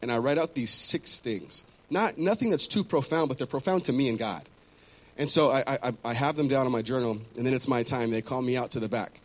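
A man's voice: medium pitch, brisk. Earnest man sharing a testimony. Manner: earnest, restarts and repeats words. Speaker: church member giving testimony. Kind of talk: personal testimony.

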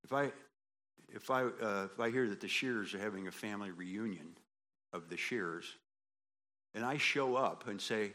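Male pastor, low-pitched but bright and forceful delivery; folksy sermon with acted-out quotes. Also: normal speed. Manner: animated, builds to emphatic high peaks; folksy asides with quoted voices.

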